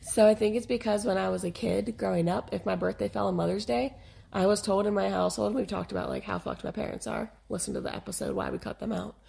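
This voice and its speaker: A woman co-hosting a podcast in casual chat, hoarse and congested, talking frankly and laughing often. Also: medium pitch, steady tone, fast, mellow. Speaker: podcast co-host.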